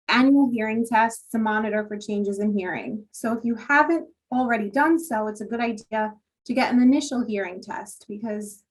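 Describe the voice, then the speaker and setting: A woman audiologist giving a virtual presentation, explaining hearing tests and devices in a plain tone with frequent ums and you knows. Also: a little high. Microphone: computer mic on a video call.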